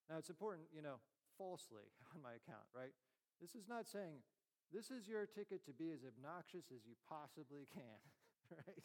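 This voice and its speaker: A man preaching a sermon as pastor, conversational and self-deprecating, swinging from emphatic lines to quiet, low ones. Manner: conversational, self-deprecating with frequent light laughs.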